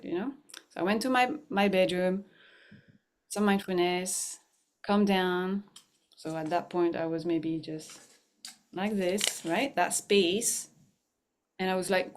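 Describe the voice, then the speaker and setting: A woman's voice: medium pitch, fairly even intonation, measured pace, clear, resonant tone. A middle-aged woman, a mindfulness teacher and guest on a show, telling a personal story in a chatty way, laughing often and restarting her sentences. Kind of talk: conversational storytelling.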